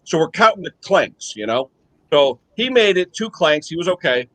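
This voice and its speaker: An older man from the United States telling lively anecdotes in casual chat, often checking in with a quick "okay?". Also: fairly high pitch, no echo, poor audio. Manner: animated storyteller, checks in with "okay?" tags. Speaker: guest on live chat.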